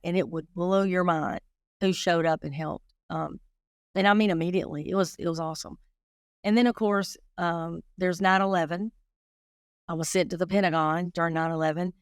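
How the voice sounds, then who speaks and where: A woman's voice: lowish voice, no room sound. Middle-aged lady telling stories in an interview, chatty, talks right to the listeners, dry close sound. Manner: lively storyteller who addresses listeners directly. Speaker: guest investigator. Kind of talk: casual storytelling interview.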